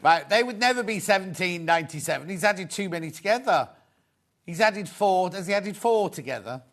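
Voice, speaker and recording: A man with a fairly high voice hosts a live craft shopping broadcast. He talks briskly and says things twice so viewers catch them. His pitch sits a touch above the usual for a man. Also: animated, a bit bright. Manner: brisk, repeats instructions to viewers. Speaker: shopping channel presenter. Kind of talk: live shopping show chat.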